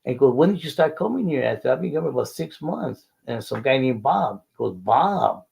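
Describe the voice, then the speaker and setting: A man's voice: medium pitch, big pitch swings, a little fast, vocal fry, a little mellow, breathy edge, low-quality recording. An older man, telling a faith testimony in an interview and acting out the dialogue earnestly. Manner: earnest storytelling, acts out dialogue. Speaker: guest.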